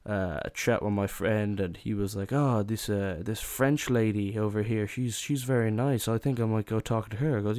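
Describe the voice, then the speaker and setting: A man's voice: lowish voice, moderate pace, hardly any pauses, a little mellow, clear, resonant tone, no echo, clean studio sound. Young man telling a rowdy, cursing holiday story. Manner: swears a lot, acts out quotes in raised voices. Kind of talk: casual comedic anecdote.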